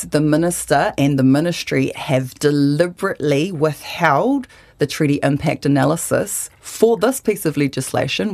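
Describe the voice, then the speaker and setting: Passionate low-voiced New woman. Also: creaky. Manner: passionate, forceful, indignant. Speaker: activist guest. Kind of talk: interview answers.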